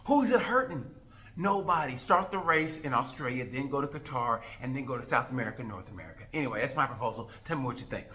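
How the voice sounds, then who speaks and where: Bright-voiced man ranting about racing. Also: medium pitch, expressive, quick pace. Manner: rambling, jokey, exasperated asides. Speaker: host of a motorcycle racing review. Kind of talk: casual comedic rant.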